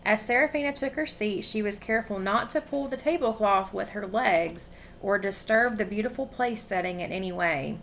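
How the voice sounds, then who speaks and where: A woman reading a novel aloud with expression, pausing to ask her listeners questions. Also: medium pitch, fairly bright tone, a little hiss or hum. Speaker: story reader.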